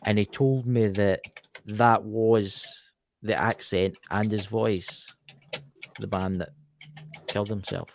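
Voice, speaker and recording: A man's voice: medium pitch, slight background noise. A man with a Scottish accent, a podcast guest telling a story in a chatty way, with many asides. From Scotland. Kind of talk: casual podcast chat.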